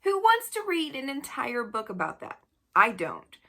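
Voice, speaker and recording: A woman's voice: on the high side, wildly swooping pitch, normal speed, creaky, fairly bright tone. A woman reviewing books in a casual video, blunt and exasperated, often breaking into laughter. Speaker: book reviewer.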